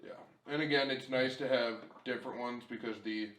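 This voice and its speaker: A man's voice: mid-range voice, steady tone, fairly quick, a bit bright. A man co-hosting a casual unboxing chat, enthusiastic and repeating himself often. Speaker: co-host reviewing miniatures. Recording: echoey room.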